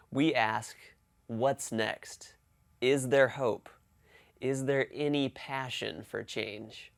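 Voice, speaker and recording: Guy hosting a church show, reads his script slow and earnest, bit of fry in the voice. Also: medium pitch. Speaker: program host. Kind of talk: scripted narration.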